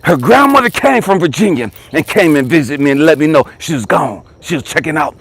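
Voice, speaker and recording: A man with a slightly high, husky voice tells a personal story in a close, dry recording. He swings between excited high bursts and hushed, whispery lows. He keeps asking his listeners to stay with him. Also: brisk, no room sound. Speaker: life coach and motivational speaker.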